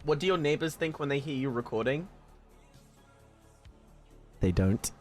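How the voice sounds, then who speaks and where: A chatty man from the south of England with a southern English accent, reading comments to his stream. His voice is very lively and swings often into excited squeals, and he trips into restarts as he talks. Soft music plays faintly underneath. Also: unhurried. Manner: animated, jumps to high excited squeals; stammering restarts. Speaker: livestreamer. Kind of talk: casual chat reading live comments.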